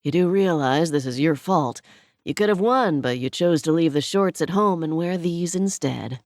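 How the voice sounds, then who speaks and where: Teasing wealthy charmer, smug, lowered voice, dry close sound, a woman doing him. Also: normal speed, darkish tone, no echo.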